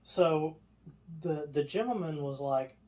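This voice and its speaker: A man with a lilt spins a story for his podcast co-host. His voice sits a little high, and he keeps the telling loose and casual, jumping into the voices of the people he describes. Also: takes it slowly. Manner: animated storyteller, acts out others' lines.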